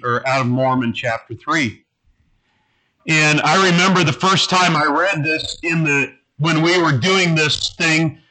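Male pastor, slow, bright-toned earnest sermon delivery, halting phrasing. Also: mid-range voice, rough recording.

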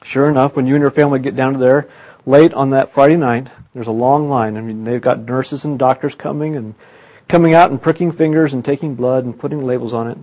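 Male pastor telling a sermon illustration with mid-range pitch and dramatic volume swings between loud and hushed. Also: steady tone, brisk, dull audio. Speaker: preacher.

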